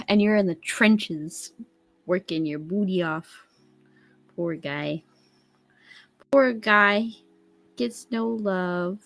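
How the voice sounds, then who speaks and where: A woman's voice: medium pitch, extremely slow, vocal fry, pauses often, fairly bright tone, dry recording, soft background music. A woman chatting casually on a live stream as a guest, playful and giggly, teasing her viewers.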